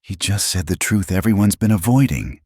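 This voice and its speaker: A man's voice: low voice, expressive, normal speed, darkish tone, dry recording, studio quality, voice pushed up. A man voicing an eager, indignant young female livestreamer.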